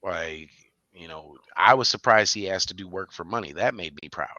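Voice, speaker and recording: A man co-hosting a podcast, chatting casually and telling stories animatedly, with bursts of high-pitched laughter. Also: moderate pace, bright, forceful tone, no room sound, muffled recording. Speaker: podcast co-host. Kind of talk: casual chat.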